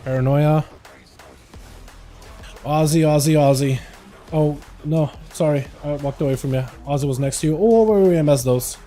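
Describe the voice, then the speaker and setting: A young man streams a game and talks through it in a relaxed, friendly way, often speaking straight to his teammates. His voice sits a little high but has a mellow, warm tone. Game music runs faintly behind him. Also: a little fast, few pauses. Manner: laid-back, chatty, talks to teammates. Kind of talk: casual live gameplay commentary.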